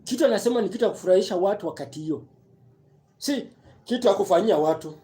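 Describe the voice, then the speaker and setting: A man's voice: sits high, lively intonation, very fast, dark tone. A man with a Kenyan accent giving impassioned, repetitive political commentary on a live stream, mixing broken English with Swahili.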